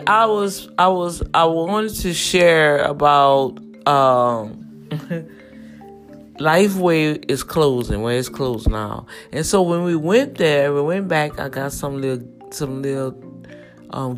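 A woman with a notably low voice tells her story straight to her viewers. She talks in a chatty, looping way, calls out to her audience and circles back over her words. Soft guitar music plays faintly behind her. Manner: chatty, addresses viewers directly, repeats words as she goes. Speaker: vlogger sharing a personal story.

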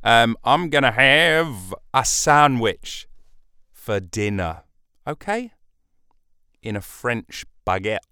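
A man's voice: mid-range voice, slow, bright, forceful tone, clear, resonant tone, no room sound. A man hosting a comedy podcast, rambling through a solo monologue, cutting himself off and swearing as he goes. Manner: meandering, self-interrupting, sweary. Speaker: podcast host.

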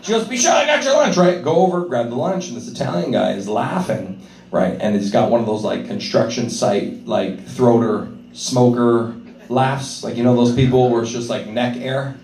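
A man's voice: medium pitch, normal speed, vocal fry, dark tone, reverberant, distant mic. A man doing stand-up comedy in a club, working the crowd and telling a rowdy, profane story. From Canada.

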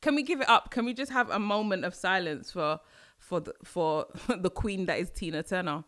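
A woman from London with a London accent, hosting a casual solo podcast, chatty and animated with sudden exclamations. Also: fairly low pitch, normal speed. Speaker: podcast host.

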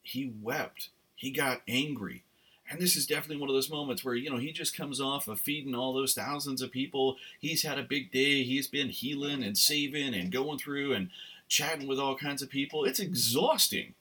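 Talk host: rambling male storyteller, tense bright tone, set back from the mic. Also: mid-range voice, moderate pace, breathy edge, far from the mic. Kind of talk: casual commentary monologue.

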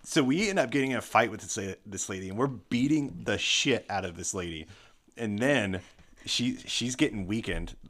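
A man hosting a casual podcast chat, retelling a tabletop game story in an animated way, swearing freely. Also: lowish voice, moderate pace. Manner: animated, swearing, breaks into laughter.

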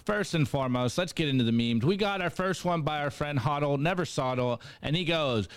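A man co-hosting a live podcast with a smooth, resonant voice sitting a little high. He reads memes aloud and hypes the crowd with preachy energy. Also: moderate pace, hardly any pauses. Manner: energetic, preachy hype talk. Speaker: co-host reading memes. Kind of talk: enthusiastic podcast chat.

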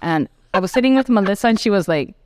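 A woman teacher chatting casually on a podcast, telling stories in an animated way with lots of "like". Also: mid-range voice, quick pace, no echo, studio quality. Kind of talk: casual chat.

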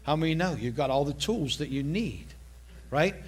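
Man, pastor, sermon, high voice, animated storytelling, repeats key phrases. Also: moderate pace, slightly rough.

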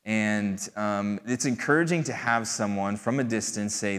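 A man's voice: on the low side, normal speed, a bit bright. A man preaching a sermon in a loose, conversational way, with frequent fillers and asides. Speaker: pastor. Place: church hall. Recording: long hall reverb.

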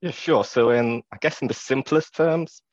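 A man working as a security researcher, talking in a relaxed, wry, conversational way as a podcast guest. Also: medium pitch, normal speed, no echo, highs cut off. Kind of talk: podcast interview.

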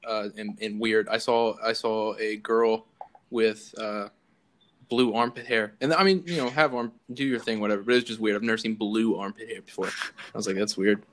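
A young man from the American South, co-hosting a podcast in a relaxed, joking way and laughing often. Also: lowish voice, moderate pace. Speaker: podcast co-host. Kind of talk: casual chat.

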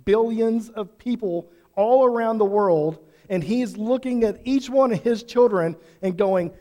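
A man's voice: sits high, unhurried, hardly any pauses, mellow. A pastor preaching an earnest sermon to his congregation, pressing them with repeated questions. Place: church sanctuary. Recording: long hall reverb.

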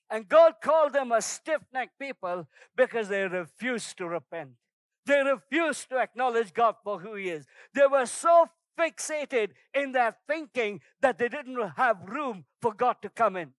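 A man with a strikingly high voice delivers a sermon, exhorting his listeners with emphatic, repeated lines. The sound is close and dry, with no room around it. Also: lively intonation, moderate pace, dry recording, poor audio. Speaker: preacher.

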